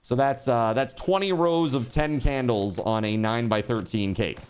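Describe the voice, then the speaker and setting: A man livestreaming and reading out donations in casual chat. He swears, says dude a lot, and bursts into laughter and shouting. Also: mid-range voice, normal speed, clear, resonant tone. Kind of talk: live stream donation reading.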